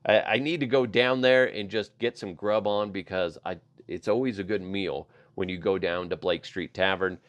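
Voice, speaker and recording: A man's voice: low-pitched, normal speed, few pauses, highs cut off. A middle-aged man hosting a podcast, chatting casually about odd news with lots of swearing and laughter. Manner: profane, laughing, riffs into silly voices. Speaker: podcast host. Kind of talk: casual comedic news chat.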